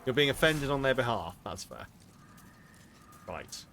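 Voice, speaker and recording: A man's voice: medium pitch, very animated, measured pace, gravelly, bright, forceful tone, slight background noise. Exasperated British man streaming a game. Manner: exasperated, swears, mutters to himself. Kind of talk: casual gaming commentary.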